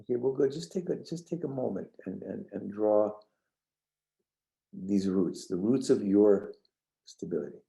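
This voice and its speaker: Gravelly dark-voiced older man teaching. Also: on the low side, measured pace, rough recording. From New York suburbs. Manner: rambling, repeats words and restarts, gentle. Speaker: trainer leading a parenting workshop. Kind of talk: casual storytelling lecture.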